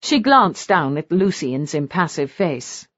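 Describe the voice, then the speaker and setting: A woman narrating a historical romance audiobook in an expressive, animated reading style. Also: deep voice, a little slow, dry recording, highs cut off.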